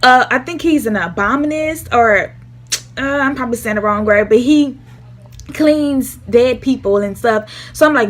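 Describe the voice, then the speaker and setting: A woman's voice: on the high side, moderate pace. A young woman telling a casual storytime vlog, acting out the voices of the people she quotes. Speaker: vlogger.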